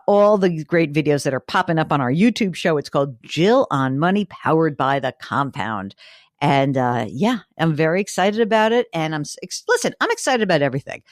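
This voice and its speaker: A woman hosting a personal finance podcast, answering listener questions in a casual, enthusiastic, chatty way with quick asides. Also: deep voice, no room sound, clean studio sound. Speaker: podcast host giving money advice.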